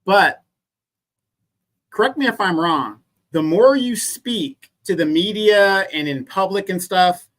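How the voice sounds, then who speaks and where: A man's voice: sits high, lively intonation, takes it slowly, fairly bright tone, low-quality recording. A man co-hosting a livestream, giving blunt opinions in casual talk. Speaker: co-host.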